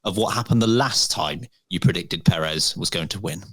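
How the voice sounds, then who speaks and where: A man's voice: low voice, normal speed, fairly bright tone. A man co-hosting a casual motorsport podcast chat, joking and steering the segments. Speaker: podcast co-host.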